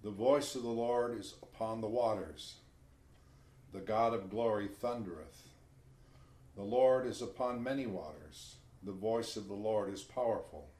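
A man's voice: fairly low pitch, measured pace, a little mellow. A man leading a Bible study who directs the group, reads psalms aloud, and comments between readings. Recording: echoey room with faint background noise.

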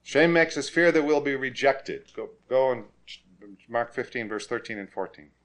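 A man's voice: mid-range voice, animated, moderate pace. Emphatic male preacher. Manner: emphatic, rises to forceful repetition. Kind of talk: sermon.

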